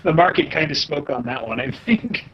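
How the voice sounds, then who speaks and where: A man's voice: fairly high pitch, lively intonation, normal speed, a bit bright, husky, highs cut off. A man on a gaming podcast, chatting casually with sarcastic, laughing remarks. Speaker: podcast co-host.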